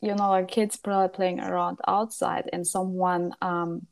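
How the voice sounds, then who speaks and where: A woman's voice: lowish voice, flat delivery, moderate pace, gravelly. A woman and mother co-hosting a casual podcast, speaking hesitantly with many fillers and non-native English phrasing. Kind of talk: casual conversation.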